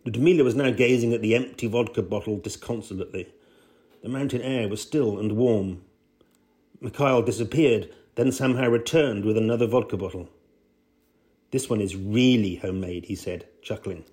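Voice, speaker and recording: A man's voice: medium pitch, fairly quick, dark tone. A man reading his own first-person travel essay aloud in a dry, understated way. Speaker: essay reader.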